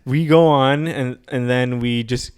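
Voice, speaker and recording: A man's voice: medium pitch, fairly even intonation, a little slow, a little mellow, clean tone. A man co-hosting a casual comedy podcast, laid-back and self-mocking. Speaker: podcast co-host.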